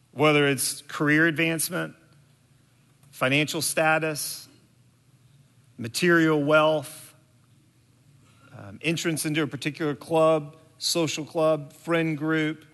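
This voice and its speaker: A man delivers a sermon at an unhurried, deliberate pace, pausing often and filling gaps with small hesitations. His voice sits a little high and sounds bright and forward. The recording has the long reverb of a large hall. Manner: slow, deliberate storytelling with frequent fillers. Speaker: preacher.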